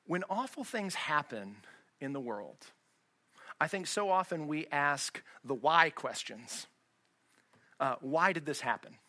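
A man's voice: fairly high pitch, lively intonation, slow, bright, forceful tone. A man pastor preaching a sermon in a church, conversational and full of rhetorical questions.

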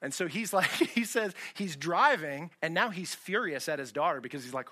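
Guy pastor giving a sermon in church, chatty, lots of rhetorical questions, kinda high bright voice. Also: animated, moderate pace. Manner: conversational preaching with rhetorical questions.

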